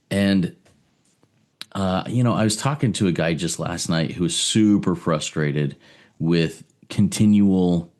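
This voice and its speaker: A man's voice: low voice, a little mellow. A man co-hosting a recovery podcast, earnestly listing examples with hesitant fillers. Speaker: podcast co-host. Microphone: video call mic.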